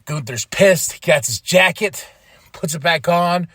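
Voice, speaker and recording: A man hosting a podcast, excitedly recapping a wrestling show in casual chat, laughing and swearing freely. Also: fairly high pitch, measured pace, no echo. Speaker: podcast host.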